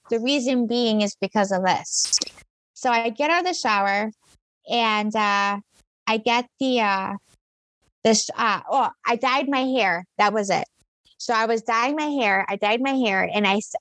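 A woman with a fairly high voice tells a story in a rambling, animated way, full of fillers and false starts. The sound is dry and close, with no room around it. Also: a little slow, no echo. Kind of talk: casual storytelling chat.

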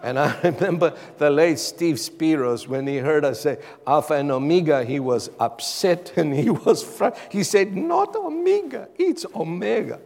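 A pastor preaching a sermon with dramatic pauses, building to emphatic calls. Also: male voice, a little high, a little mellow. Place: church hall. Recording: long reverb of a hall.

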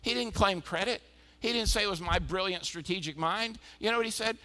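A male pastor preaching a sermon, emphatic and energetic, often repeating his points. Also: sits high, fairly quick. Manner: energetic, emphatic exhortation with repetition.

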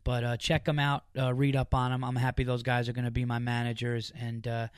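A man hosting a podcast, chatting casually and excitedly, rambling with lots of fillers and restarts. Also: mid-range voice, brisk, smooth, no echo, studio quality. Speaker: podcast host.

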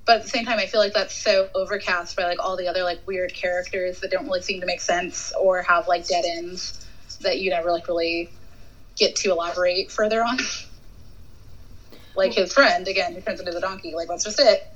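A woman's voice: fairly low pitch, fairly even intonation, brisk, a bit bright. A woman sharing her views on a podcast in a loose, rambling way, stringing thoughts together with "like". Her audio sounds a little dull and muffled. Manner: rambling, heavy use of "like". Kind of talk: casual film discussion.

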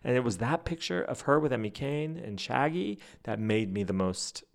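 A young man hosting a podcast, chatting excitedly in a hushed whisper from a hotel room at night. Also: mid-range voice, moderate pace, vocal fry. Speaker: podcast host. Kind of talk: casual fan chat.

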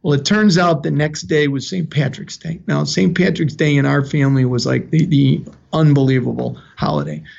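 A man's voice: fairly high pitch, expressive, moderate pace, gravelly, hardly any pauses, a little mellow. An older man telling a personal story in an earnest, plainspoken way, with emotion close to the surface. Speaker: guest telling his story. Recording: dull lo-fi recording.

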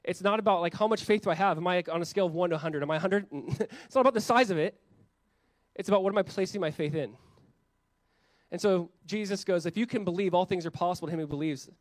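Fast-talking young male pastor preaching. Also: high-pitched, no echo. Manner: conversational, animated, acts out quoted voices. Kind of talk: sermon.

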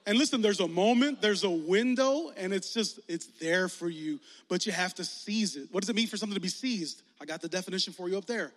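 A man, preaching a lively, joking youth sermon that rises to shouts. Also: high-pitched, fairly quick, few pauses. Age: 40s. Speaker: youth pastor. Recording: long hall reverb.

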